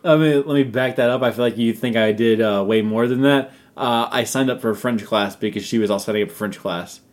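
A man's voice: medium pitch, fairly quick. A man co-hosting a podcast, talking in a laid-back, rambling way and laughing easily. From United States. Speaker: podcast co-host. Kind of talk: casual chat.

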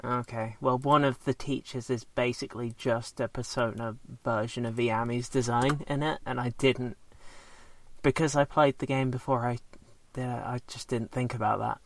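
A man's voice: medium pitch, fairly even intonation, normal speed, no echo. A man chatting casually as a co-host, rambling and hesitant with many fillers and restarts. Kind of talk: casual chat.

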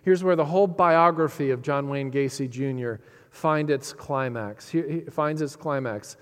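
Emphatic preacher man in a reverberant hall. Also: clean tone. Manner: emphatic, rises on key phrases then drops low and quiet; dramatic pauses, quotes lines with feeling. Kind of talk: sermon.

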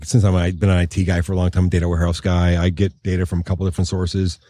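Husky, mellow male podcast host. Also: low voice, monotone, dry recording. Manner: chatty, reacts with quick affirmations. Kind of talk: casual interview chat.

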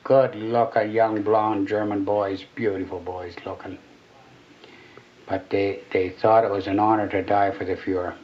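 A man's voice: on the low side, little pitch movement, unhurried. An older man, a war veteran, recalling events in a plain-spoken, blunt way. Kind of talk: recollection in interview. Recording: muffled lo-fi radio recording.

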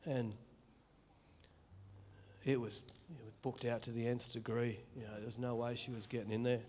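A man's voice: medium pitch, flat delivery, darkish tone, a little hiss or hum. Earnest Australian man testifying in church. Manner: earnest, emotional, halting with restarts. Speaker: church member giving testimony.

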